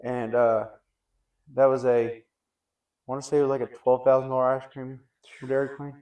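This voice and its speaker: A young podcast host with a drawl tells his friends a story at a moderate pace, his voice at an ordinary middle pitch. It's casual storytelling chat: he rambles, leans heavily on "like" and "dude," and grows more animated as the tale builds.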